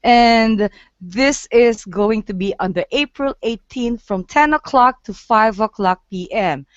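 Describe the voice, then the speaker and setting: A woman's voice: on the high side, measured pace, no echo, muffled recording. A woman hosting a live online chat, talking chattily with fillers and lots of giggles. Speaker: host of a live photo-walk stream. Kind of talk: casual group chat. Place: Japan.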